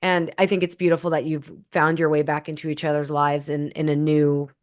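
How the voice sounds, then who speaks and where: A woman's voice: sits low, level tone, a little fast. A woman co-hosting a podcast, thanking her guest and responding in an affirming, thoughtful way. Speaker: podcast co-host. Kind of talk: conversational interview.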